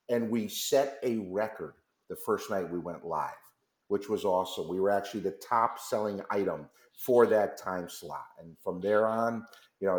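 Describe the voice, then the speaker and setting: This man speaks in a lowish, somewhat dark voice, and the room is echoey. He's a company founder guesting on a radio interview in the studio, spinning a lengthy tale in which he plays out both sides of phone calls.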